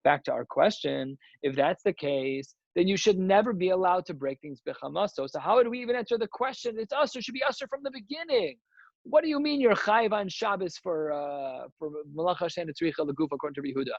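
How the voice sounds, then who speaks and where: A man's voice: sits high, brisk, vocal fry, no room sound, dull audio. A man teaching a daily Talmud lesson as a rabbi, emphatic and full of rhetorical questions, working through the text aloud.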